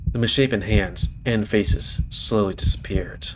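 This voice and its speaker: Guy doing a let's play of a visual novel, lowish voice, reads it out dramatic then chats, bit of background noise. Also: a little slow. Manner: dramatic reading, shifting into casual chat. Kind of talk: reading a visual novel aloud.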